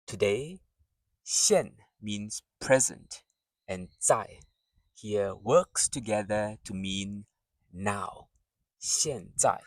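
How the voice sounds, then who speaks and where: Slow, patient male language teacher. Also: on the low side, dry recording, recorded from a distance. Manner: patient, drawn-out teaching delivery, models words for repetition. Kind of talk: slow, clear spoken lesson.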